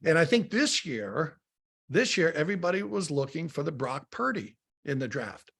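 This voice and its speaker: A middle-aged man breaks down football in easy, storytelling sports talk, his voice gravelly and a little husky and set fairly high. He gets animated and stacks up repeated words as he starts each point. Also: moderate pace. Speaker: radio analyst.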